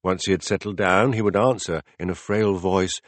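Man playing a patient male philosopher, low voice, measured and deliberate, audiobook dialogue, dry close recording. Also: steady tone, no room sound, lightly acted. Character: calm, patient male teacher explaining ideas.

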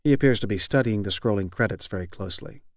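A man reading literary fiction aloud as an audiobook narrator, measured and even. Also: lowish voice, dry recording, studio quality. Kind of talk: scripted narration.

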